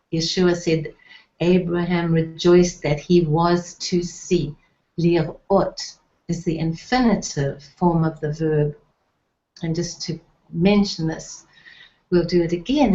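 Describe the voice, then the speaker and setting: Slow, patient woman teaching in an echoey room. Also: on the low side, dark tone. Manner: patient, repeats words slowly with many ums. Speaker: Hebrew teacher. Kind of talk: online language lesson. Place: indoor room, recorded at night. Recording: echoey room, dull lo-fi sound.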